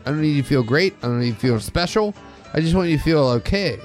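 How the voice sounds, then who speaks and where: Male podcast host, casual and rambling, curses a lot, restarts his sentences, soft music in the background. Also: fairly high pitch, lively intonation, fast. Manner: rambling, swears freely, frequent restarts. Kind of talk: casual chat.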